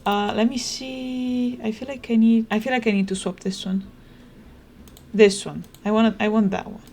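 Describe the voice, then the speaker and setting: A young woman chatting casually as she plays a video game, rambling and thinking out loud. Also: on the high side, fairly even intonation, moderate pace, creaky. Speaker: gaming streamer. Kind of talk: casual let's play commentary. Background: game music.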